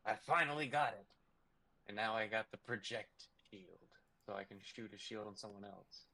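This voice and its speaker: A man voicing an excited male tinkerer character who exclaims in triumph. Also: fairly low pitch, normal speed. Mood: triumphant.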